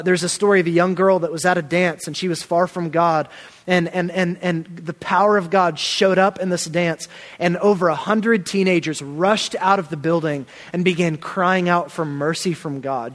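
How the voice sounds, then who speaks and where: Earnest preacher man in a hall. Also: a little high. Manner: earnest, emphatic, slows down to stress key phrases. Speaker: pastor. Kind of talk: sermon. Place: church hall. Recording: reverberant hall.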